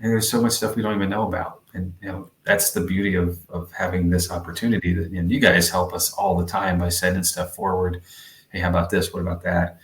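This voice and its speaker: Low-voiced chatty man, roomy sound. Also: flat delivery, a little fast. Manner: meandering, chatty, frequent fillers. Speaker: podcast co-host. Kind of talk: casual podcast chat.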